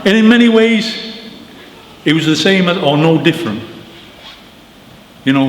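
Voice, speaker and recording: Animated man speaking in a church. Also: fairly high pitch. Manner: animated storyteller, emphatic, informal asides. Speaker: author giving a book launch talk. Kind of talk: public talk to an audience. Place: church hall. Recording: echoey church with long reverb, faint noise.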